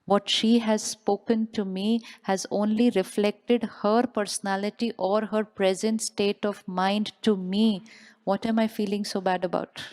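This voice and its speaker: A woman's voice: medium pitch, little pitch movement, a little slow, darkish tone. Woman teaching in a reverberant hall. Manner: asks the audience questions and repeats them. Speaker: spiritual speaker. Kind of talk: motivational talk to a live audience.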